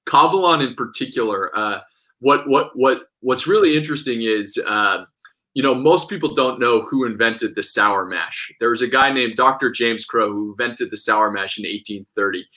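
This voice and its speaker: Bright-voiced enthusiastic man telling stories. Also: medium pitch, poor audio. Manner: enthusiastic storyteller, quick asides and restarts. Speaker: whiskey expert guest. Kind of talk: casual conversational interview.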